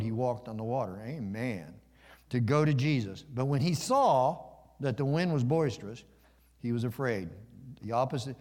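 A man preaching a sermon to his congregation in a folksy, conversational way, asking them questions and joking. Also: medium pitch. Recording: long reverb of a large hall.

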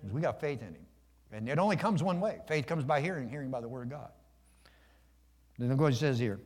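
A man's voice: mid-range voice, animated, fairly quick, darkish tone. A man preaching a sermon to his congregation in a folksy, conversational way, asking them questions and joking. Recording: long reverb of a large hall.

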